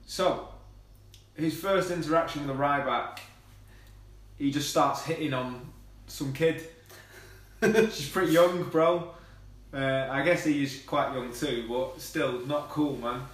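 A man's voice: on the high side, takes it slowly, pauses often. A man hosts a casual movie chat, swearing, laughing and ranting. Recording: roomy, far from the mic.

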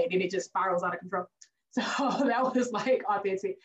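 A woman co-hosting a casual movie review podcast, speaking, animated, acting out lines from the film and laughing often. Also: mid-range voice, racing, recorded from a distance, lo-fi sound. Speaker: podcast co-host.

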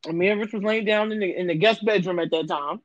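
A woman's voice: mid-range voice, fast talker. A woman in her thirties co-hosting a casual podcast chat, blunt and teasing, swearing freely. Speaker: podcast co-host. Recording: dry, dull lo-fi sound.

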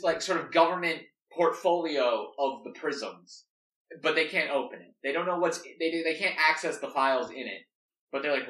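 A man's voice: a little high, normal speed, a bit bright. A man talking through a story plan casually, rambling and filling gaps with "like". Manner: rambling, full of "like". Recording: echoey room, mic at a distance.

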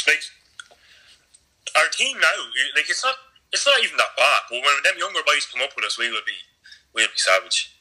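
A man's voice: fairly high pitch, sing-song, moderate pace, pauses often, sharp tone, slightly rough, rough recording. A young man with a strong rural Irish accent chatting casually, laughing often and teasing his friend. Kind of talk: casual chat.

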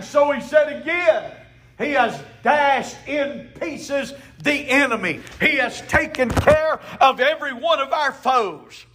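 A man's voice: extremely high pitch, sharp tone, husky. A man preaching a sermon as a pastor, emphatic, with call-and-response to the congregation.

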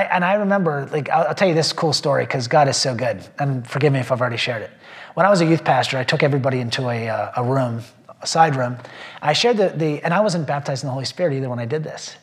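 A man, a pastor, sharing a personal testimony with a small group, earnest and rambling with many fillers and restarts, emotional at times. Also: medium pitch. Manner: emotional when telling faith stories.

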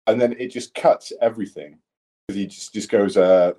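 A man's voice: fairly low pitch, normal speed, mellow. A man chatting casually on a podcast, a tattoo artist telling rambling, sweary stories. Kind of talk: casual chat.

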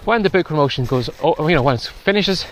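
A man's slightly high, expressive voice comes quickly as he walks and vlogs outdoors in driving wind and rain. The podcast host sounds a bit breathless, keeping things casual and full of advice.

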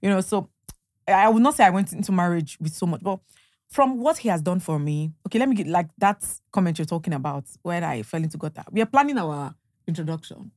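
A young Nigerian woman with a Nigerian accent chats casually as a podcast guest, telling stories with animation, acting out snippets of dialogue and laughing often. Her lowish voice is fairly quick, a little mellow, and lively in intonation, captured at studio quality with no echo.

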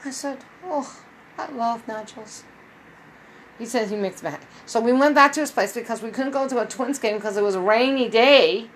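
A woman's voice: fairly high pitch, quick pace, few pauses, a little hiss or hum, poor audio. Rambling woman telling a long story. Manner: rambling, with frequent restarts and quoted dialogue. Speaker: vlogger. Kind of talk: casual storytelling to viewers.

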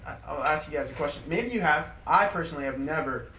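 A man teaching a small group in a relaxed, lively way. He leans on repetition and often laughs mid-story. His voice sits a little high and comes from some distance off the mic, in a roomy space with a faint hiss underneath. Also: quick pace. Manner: animated, emphatic repetition, laughs while telling stories. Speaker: Bible study leader.

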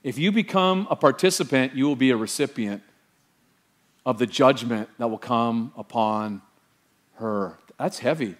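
A middle-aged man pastor preaching an animated sermon and quizzing the congregation with questions. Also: medium pitch, a little slow.

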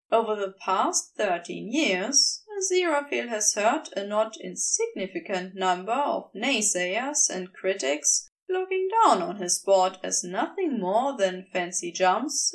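A woman narrating a fan story aloud as a podfic reader, unhurried and expressive. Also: fairly high pitch, creaky, distant mic.

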